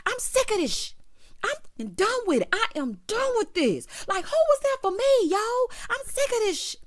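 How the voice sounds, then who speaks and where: A woman doing a mocking impression of a dramatic adult female reality star, high and whiny. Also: very animated, moderate pace. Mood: ranting.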